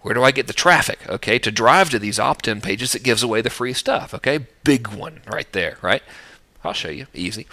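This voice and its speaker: A man's voice: mid-range voice, expressive, normal speed, sharp tone. A middle-aged man teaching list building in a casual, jokey, self-mocking video talk.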